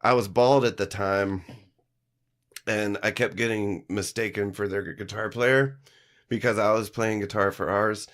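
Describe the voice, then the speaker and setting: Man, lowish voice, animated storyteller, swears freely, acts out the people he quotes. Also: unhurried. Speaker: podcast guest, musician. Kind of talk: casual storytelling chat. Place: live-streamed studio.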